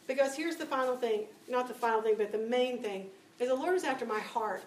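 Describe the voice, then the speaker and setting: A woman giving a spoken testimony to a church audience, telling stories with lively acted-out dialogue. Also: a little high, fairly quick. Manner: animated storytelling, acting out dialogue. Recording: echoey room, distant mic, faint noise.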